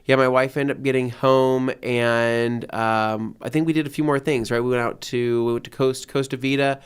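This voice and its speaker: A man in his thirties with a clean, smooth voice, pitched right in the middle. He chats casually as a podcast co-host and tells a story with animation, voicing his own exclamations. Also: fairly even intonation, normal speed.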